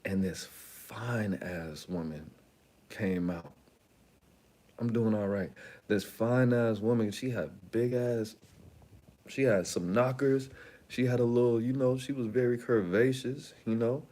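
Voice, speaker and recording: A man's voice: medium pitch, takes it slowly, warm tone. A man hosting his own channel, telling a long story in a rambling, slangy, casual way with lots of asides. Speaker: channel host.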